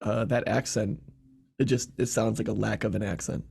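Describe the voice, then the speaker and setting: A man's voice: on the low side, steady tone, moderate pace, creaky, darkish tone, husky. A man from Michigan with a Michigan accent, a podcast guest who rambles with lots of fillers and laughs often. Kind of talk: casual chat.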